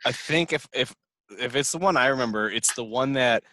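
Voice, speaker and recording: A man hosting a casual podcast interview, relaxed and laughing along as he reads listener questions. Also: medium pitch, brisk, no echo. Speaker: podcast host.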